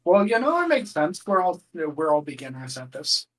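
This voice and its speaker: Bright-voiced man playing a tabletop game. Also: a little high, sing-song, moderate pace, low-quality recording. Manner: easygoing, plans aloud with restarts. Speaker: player. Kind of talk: casual tabletop game play.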